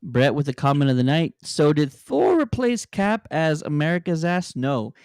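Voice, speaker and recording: A man's voice: on the high side, big pitch swings, normal speed, darkish tone, no echo, studio quality. A man hosting a live podcast, reading out viewers' comments and joking about them.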